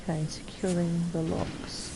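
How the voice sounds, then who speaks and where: A woman's voice: fairly low pitch, flat delivery, a little slow, vocal fry, background noise. A woman from the UK streaming a game, chatting casually, hesitant and self-deprecating as she talks to herself. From United Kingdom. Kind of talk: casual live game commentary.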